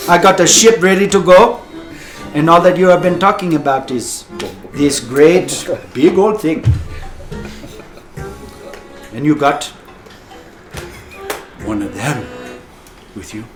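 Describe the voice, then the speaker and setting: A man's voice: fairly high pitch, expressive, measured pace, pauses often. A man voicing a jovial, friendly male ship captain. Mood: hearty. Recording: echoey room, music behind.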